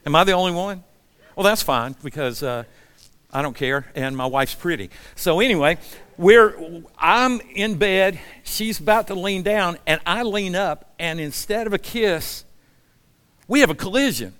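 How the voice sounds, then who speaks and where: A man in his sixties preaching a sermon in a relaxed, conversational storytelling way, often asking the congregation questions. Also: high voice, unhurried, smooth. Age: 60s. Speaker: pastor.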